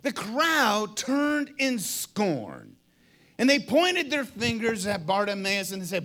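Animated, high-voiced male preacher. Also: slow pace. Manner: dramatic storytelling, acting out voices and shouts. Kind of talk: sermon.

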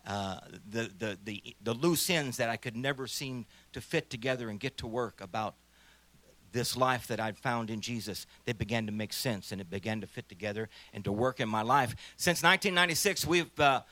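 This man, a sixty-something minister from St. Louis, USA, tells his personal testimony to a church gathering in a loose, conversational way, frequently starting over. His medium-pitched voice is bright and forceful, moving at a normal speed.

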